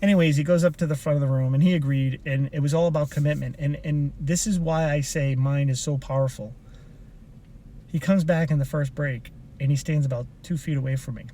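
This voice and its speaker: A man in a car tells a motivational story, circling back and restarting his sentences as he goes. His voice sits a bit high for a man but has a soft, mellow tone. The delivery is loose and chatty, like a coach talking straight to his followers. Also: fairly even intonation, brisk. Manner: rambling, with frequent restarts and asides. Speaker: personal development coach. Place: inside a car.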